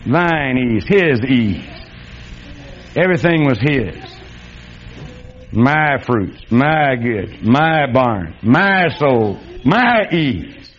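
A man preaching a sermon, reading scripture and then speaking in a folksy, dramatic way that swings between loud and hushed. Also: mid-range voice, big pitch swings, drawn-out words. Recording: dull lo-fi sound.

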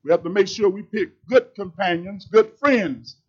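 A man's voice: high voice, moderate pace, darkish tone, muffled recording. A man preaching a sermon in a plain-spoken, emphatic, conversational way.

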